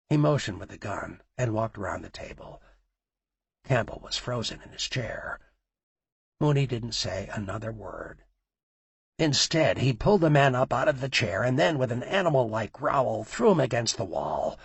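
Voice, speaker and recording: A man narrating an audiobook with a raspy, gravelly voice. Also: medium pitch, big pitch swings, moderate pace, no echo.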